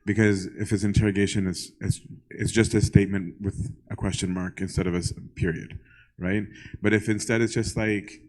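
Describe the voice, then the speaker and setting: Speaking conversationally to his congregation, a young priest fields questions, often checking in with "right?" and playing out small exchanges. His fairly low, slightly mellow voice is flat and moderately paced, and the audio is poor.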